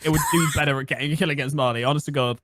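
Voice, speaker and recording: A man, joking and shouting with friends over voice chat while gaming. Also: fairly high pitch, fairly even intonation, rapid-fire, heavy background noise. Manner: loud, laughing, shouting outbursts. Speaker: gamer on voice chat. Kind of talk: casual gaming banter. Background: loud music.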